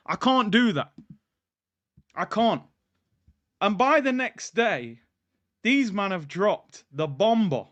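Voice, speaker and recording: A man's voice: fairly high pitch, fairly bright tone, dry recording. A man hosting a casual football livestream, hyped, slangy and jokey. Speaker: football channel host. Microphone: streaming mic.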